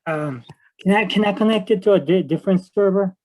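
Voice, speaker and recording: A man joining an interview over a remote call, talking in a hesitant, halting way. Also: high voice, a little mellow, rough recording. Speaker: guest musician. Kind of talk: casual interview.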